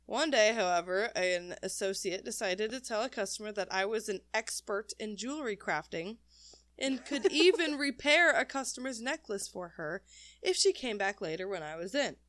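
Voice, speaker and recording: A woman co-hosting a casual chat show, talking in a blunt, animated way and laughing often, who also reads stories aloud. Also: mid-range voice, moderate pace, dry recording. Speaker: podcast co-host.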